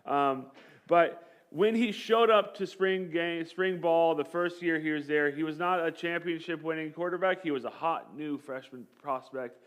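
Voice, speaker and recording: A man preaching a sermon to his church, conversational and joking, telling a story with lively acted-out quotes. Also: on the high side, normal speed, clean tone. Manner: conversational, with jokes and light laughs. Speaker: pastor.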